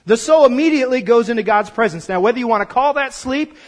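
Man, preacher, high voice, emphatic sermon, repeats himself, quiet then loud. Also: expressive, fast. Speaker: pastor.

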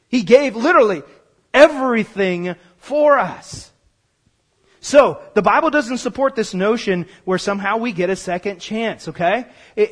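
A high-pitched man preaching a sermon. He stresses key words and repeats himself, dropping low for explanation and rising loud for declarations. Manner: emphatic, repeats words, swings from quiet to loud. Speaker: pastor.

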